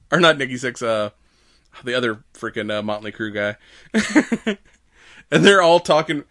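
A man's voice: fairly high pitch, wildly swooping pitch, slow pace, long pauses, a bit bright. A man co-hosting a podcast, casually recapping a movie in a rambling way, laughing often and acting out the characters' lines. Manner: rambling, laughing, swearing, acts out quotes. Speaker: podcast co-host.

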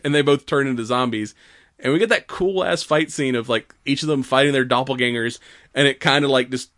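A man's voice: mid-range voice, brisk, a bit bright, no echo, studio quality. A man casually retelling a film's scenes in a podcast chat, laughing often and quoting characters, with plenty of fillers and swearing. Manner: profane, rambling with many fillers. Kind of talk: casual movie recap chat.

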